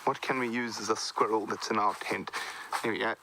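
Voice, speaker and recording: A man's voice: lowish voice, a little fast, gravelly, noisy background. A man, a safari show presenter, playfully telling a folktale from inside a tent. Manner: playful, animated. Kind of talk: folktale storytelling. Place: canvas tent in rain.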